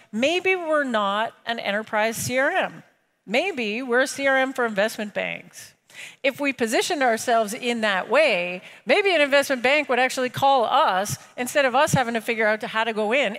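Animated woman telling a story on stage. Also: on the high side. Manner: lively, animated quoting of others; casual with fillers and laughs. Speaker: speaker telling a startup story. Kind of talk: storytelling talk to an audience. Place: large room with an audience.

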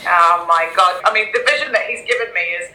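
A woman co-hosting a podcast, reacting with quick jokes and exclamations as she chats along. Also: lowish voice, sharp tone, reverberant, a little hiss or hum, low-quality recording. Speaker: podcast co-host. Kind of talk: casual chat.

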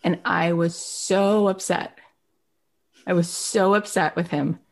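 A woman's voice: lowish voice, fairly even intonation, slow. A woman podcast host sharing a personal story openly and emotionally, rambling and using many filler words. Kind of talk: conversational interview.

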